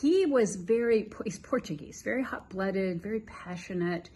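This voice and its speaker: A woman from the American South with a softened Southern accent, telling a story in casual chat and acting out the dialogue with lively laughter. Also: mid-range voice, normal speed, slight background noise, rough recording. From Southern US (Tennessee, North Carolina). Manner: animated, laughing, acts out quoted dialogue. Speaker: Christian counselor, co-host.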